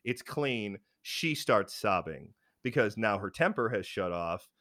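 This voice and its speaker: Brief: low-voiced man, frank rambling storyteller, dry close sound, lots of ums. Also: animated, unhurried, fairly bright tone, no room sound. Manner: rambling, frank, many fillers and restarts. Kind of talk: casual chat, personal storytelling.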